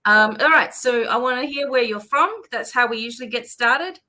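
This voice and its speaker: A woman's voice: on the high side, normal speed, bright, forceful tone, low-quality recording. An Australian woman hosting a live psychic-reading stream, chatting casually and reading out viewers' names and places.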